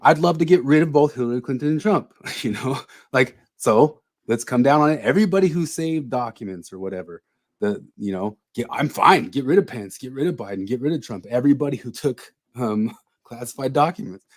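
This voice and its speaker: A man's voice: mid-range voice, lively intonation, a little fast. A man co-hosting a podcast, talking bluntly in casual chat and often repeating his words. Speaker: podcast co-host.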